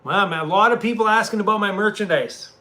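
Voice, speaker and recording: A man's voice: high-pitched, fast talker, pushed and bright. A man chatting casually to his viewers on a live stream from a hotel room, laughing often and talking to his dog. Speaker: van-life vlogger on a live stream.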